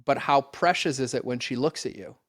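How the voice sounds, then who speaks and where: A man speaking as a podcast guest in an earnest, conversational way. He acts out exchanges with bursts of energy, and his voice sits at a middling pitch. The sound is dry and close, with no room around it. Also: fairly quick, dry recording. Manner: earnest, animated when acting out exchanges. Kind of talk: casual conversation.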